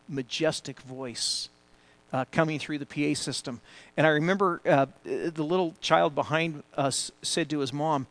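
Pastor, male, fairly high voice, earnest off-the-cuff sermon delivery to a home congregation. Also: steady tone, normal speed. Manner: earnest, conversational preaching with frequent restarts; rises louder and higher when building a point. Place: church before a congregation.

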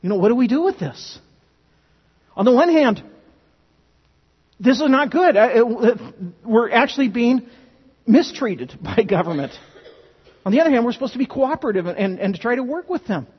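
A man's voice: very high voice, expressive, normal speed, pauses often, slightly rough. A man preaching a sermon, earnest and emphatic, often restarting his phrases. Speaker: pastor. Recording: dull, lo-fi sound with long hall reverb.

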